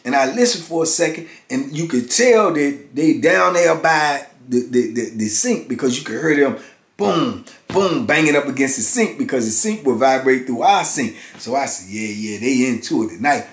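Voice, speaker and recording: A man in his fifties telling a prison story in casual, animated talk. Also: mid-range voice, moderate pace. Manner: animated, acts out others' voices. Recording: roomy echo.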